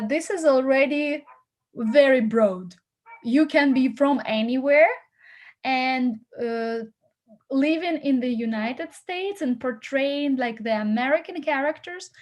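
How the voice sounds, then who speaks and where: Encouraging woman casting coach, rambling advice. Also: high-pitched. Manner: encouraging, rambling, many fillers. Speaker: casting coach giving feedback. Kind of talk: critique and advice to actors.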